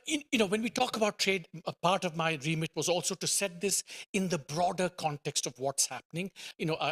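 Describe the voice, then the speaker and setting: A middle-aged economist presents on a conference panel. His voice sits a little high for a man, and he starts sentences haltingly, full of fillers. He hammers points home by repeating words. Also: fairly bright tone. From India. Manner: hesitant starts with many fillers, emphatic repetition.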